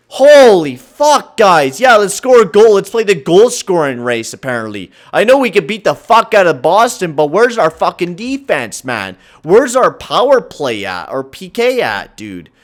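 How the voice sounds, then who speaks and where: A young man commentating his own hockey video game, swearing, yelling at the game, then grumbling low. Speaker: gaming channel host.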